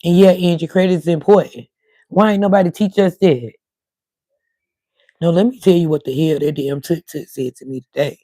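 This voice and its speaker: Middle-aged woman, livestream host, rambling chat with viewers, warm voice cutting in and out, dry sound. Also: lowish voice, fairly even intonation, moderate pace, no echo.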